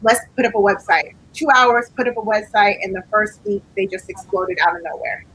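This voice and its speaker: A woman, a small business owner, chatting as a guest in a relaxed, laid-back way. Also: medium pitch, fairly quick, slightly rough, rough recording. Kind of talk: casual interview chat.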